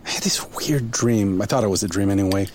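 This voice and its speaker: A man's voice: on the low side, fast talker, darkish tone, a little hiss or hum, lightly acted. An actor playing a weary widowed father of two girls, with a dry, sardonic way of talking, in an audio drama. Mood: puzzled.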